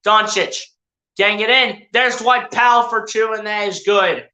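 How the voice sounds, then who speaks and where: Bright, chatty play-by-play streamer in an echoey room. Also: medium pitch, moderate pace. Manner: chatty, addresses players and viewers directly, self-correcting. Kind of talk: casual live play-by-play commentary.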